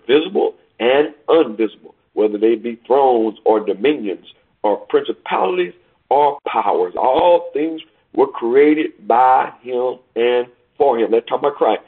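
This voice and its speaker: A man preaching a sermon, reading scripture aloud and explaining it with emphatic swells and hushed asides. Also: medium pitch, breathy edge. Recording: tinny phone-like line.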